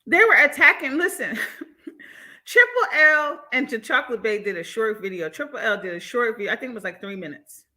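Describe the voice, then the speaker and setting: With a somewhat high voice and a brisk delivery, a young woman runs a livestream, responding to chat comments in an animated, outspoken way. She laughs frequently and swears.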